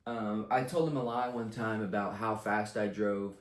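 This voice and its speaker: A man's voice: fairly low pitch, steady tone, moderate pace. A young man giving blunt life advice in a casual rant, confident and full of swearing. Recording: echoey room.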